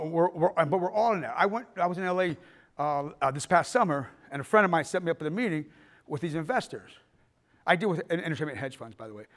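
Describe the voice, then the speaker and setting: A man's voice: on the high side, a bit bright. A middle-aged man giving a filmmaking workshop talk, telling stories with acted-out quotes and the odd swear. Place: arts center auditorium.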